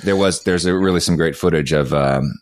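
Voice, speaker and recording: A man's voice: a bass voice, fairly quick, dry recording, studio quality. A man co-hosting a podcast, rambling casually about comics and laughing often. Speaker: podcast co-host.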